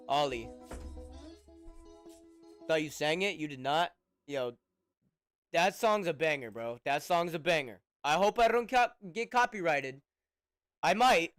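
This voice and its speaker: A man's voice: a little high, animated, a little slow, pauses often, fairly bright tone, soft background music. A young man streaming, chatting casually and profanely, rambling and laughing often.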